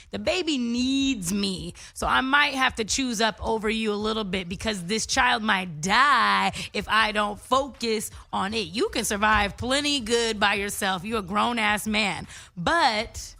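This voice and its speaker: A woman's voice: mid-range voice, unhurried, vocal fry, few pauses, bright, forceful tone. A woman guest on a talk show, talking in a blunt, joking way. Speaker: comedian guest. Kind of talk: casual chat.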